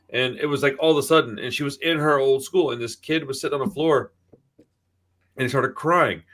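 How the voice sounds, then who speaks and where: A man's voice: mid-range voice, fairly bright tone. Chatty, cursing man telling stories. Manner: profane storytelling, acts out quoted voices. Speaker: podcast co-host. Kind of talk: casual chat.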